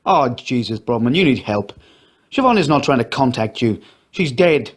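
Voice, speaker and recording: A man's voice: mid-range voice, expressive, moderate pace, natural voice. Ken: a man doing a brusque sarcastic brother. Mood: irritated. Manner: sarcastic, blunt. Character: irritable grown brother, brusque and dismissive.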